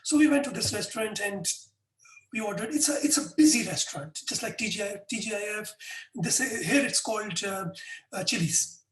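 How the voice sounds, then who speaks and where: Middle-aged man, animated storyteller, roomy echo, far from the mic. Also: sits high, moderate pace. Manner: animated anecdotes with frequent restarts. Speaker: guest. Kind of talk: conversational storytelling. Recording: echoey room, distant mic.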